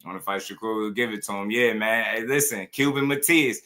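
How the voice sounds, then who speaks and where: A man's voice: lowish voice, brisk, hardly any pauses, pushed and bright. A man hosting a boxing show in casual, playful commentary full of slang and jokes. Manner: playful, jokey, heavy slang.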